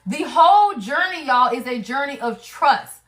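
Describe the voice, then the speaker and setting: A woman's voice: high voice, expressive, a little slow, a bit bright. A woman doing a spiritual card reading on a livestream, chatty and emphatic, talking straight to her viewers with casual slang and swearing. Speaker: tarot reader.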